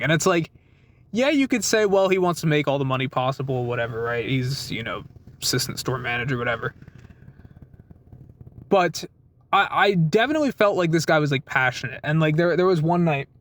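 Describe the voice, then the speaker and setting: A man's voice: fairly high pitch, fairly bright tone, dry recording. Rambling young man venting in his car. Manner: rambling, profane, frequent "dude" and "man". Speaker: vlogger. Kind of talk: casual car vlog.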